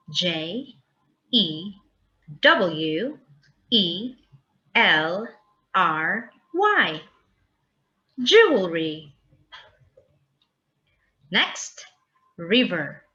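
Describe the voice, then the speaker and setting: A woman teacher talks to young children at a very slow, deliberate pace, stretching out each word and spelling it letter by letter. Her bright voice moves through a lively range of pitch. The audio is a little dull and lo-fi. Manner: slow, drawn-out spelling aloud for kids. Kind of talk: children's vocabulary lesson.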